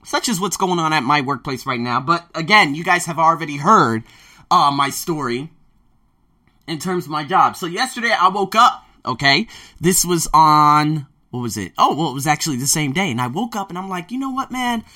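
Bright-voiced man telling stories on a podcast. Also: a little high, moderate pace. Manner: animated storyteller who acts out his own quotes, swears freely. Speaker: podcast host; language teacher working abroad. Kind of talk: casual monologue podcast.

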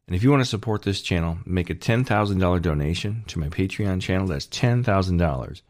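Low voiced guy rambling on his channel, sarcastic jokes, dry close sound. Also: expressive, fairly quick, darkish tone, dry recording. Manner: sarcastic, joking, rambling with restarts. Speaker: channel host. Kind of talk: rambling monologue.

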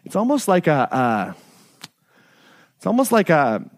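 A man's voice: on the high side, wildly swooping pitch, a little slow, no room sound, studio quality. A middle-aged man leading a live workshop, talking casually and with profanity, often checking in with the audience by asking "right?". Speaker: workshop leader.

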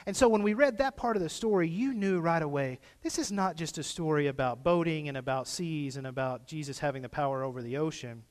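A man's voice: on the high side, a little fast, few pauses. A man preaching a sermon in a casual, conversational way, rising at times into impassioned pleas. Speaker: pastor. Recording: long hall reverb.

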